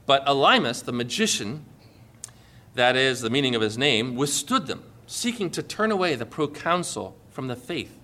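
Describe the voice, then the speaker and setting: A man's voice: mid-range voice, big pitch swings, normal speed, sharp tone. A man preaching a sermon as a pastor, reading scripture aloud and driving his points home with emphatic force.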